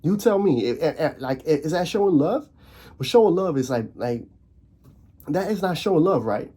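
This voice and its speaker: Ranting Dutch man with a mellow voice. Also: on the high side, animated, normal speed, husky. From Netherlands. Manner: repetitive, restarts often, asks rhetorical questions. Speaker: commentary vlogger. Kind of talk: casual rant.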